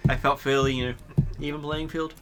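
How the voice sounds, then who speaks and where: A man running a tabletop game as game master, relaxed and hesitant, with frequent filler pauses. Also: mid-range voice, over music. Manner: relaxed, hesitant with many ums.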